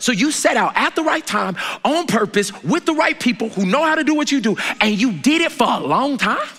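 A man preaching a sermon in a lively, conversational way, bantering and trading questions with the congregation. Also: extremely high pitch. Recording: reverberant hall with faint noise.

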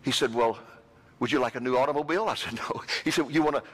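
A man preaching a sermon, telling a personal story with lively quoted voices. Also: medium pitch, quick pace, breathy edge. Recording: long hall reverb.

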